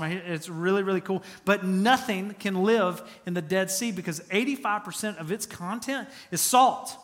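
A man's voice: high voice, fairly bright tone, in a large hall. A man preaching a sermon as pastor, speaking emphatically and repeating phrases for effect.

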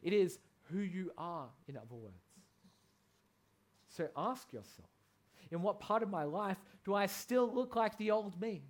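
A man's voice: sits high, expressive, measured pace. Earnest man preaching a sermon. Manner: earnest, conversational with many fillers, rising to emphatic peaks.

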